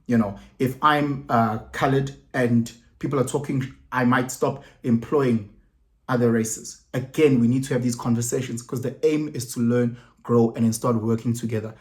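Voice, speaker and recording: Animated South African man giving his opinions. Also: medium pitch, normal speed. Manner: animated, repeats words and restarts, mixes in Zulu phrases. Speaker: vlogger commenting. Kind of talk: casual opinion monologue.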